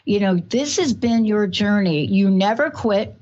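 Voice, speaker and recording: A woman's voice: mid-range voice, expressive, unhurried, darkish tone. Effusive New York woman radio host. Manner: effusive, emotional, rambling. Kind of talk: talk radio interview. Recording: muffled radio broadcast.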